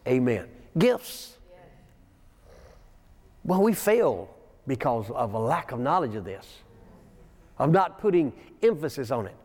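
A man's voice: mid-range voice, big pitch swings, slow pace, pauses often, darkish tone. A man preaching a sermon in a folksy way, telling stories with chuckling asides and reading scripture aloud in a church. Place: church sanctuary. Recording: long church reverb.

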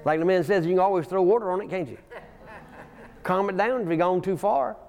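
A man's voice: sits high, brisk, gravelly, a little mellow. A man preaching a sermon in a folksy way, telling stories with chuckling asides and reading scripture aloud in a church. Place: church sanctuary. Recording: long church reverb.

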